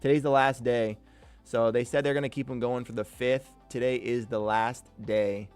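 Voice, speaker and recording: A man's voice: medium pitch, fairly even intonation, moderate pace, clean tone, soft background music. A man hosting a live day-trading stream, chatting casually and hyping up viewers in slangy, upbeat talk. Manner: hype, calls viewers "King", slangy and upbeat. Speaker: day-trading livestream host.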